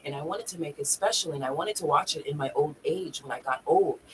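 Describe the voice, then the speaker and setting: A woman's voice: low-pitched, fairly quick, a crowd in the background, poor audio. Woman telling a raw personal story. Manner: raw, profane, tearful at times. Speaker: vlogger.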